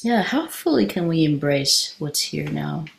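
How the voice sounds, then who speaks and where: Low gravelly lady doing a casual dharma talk, stops and restarts a lot, chuckles through it. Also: lively intonation. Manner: halting and conversational, many restarts, laughs while telling. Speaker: meditation teacher. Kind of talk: informal dharma talk with storytelling.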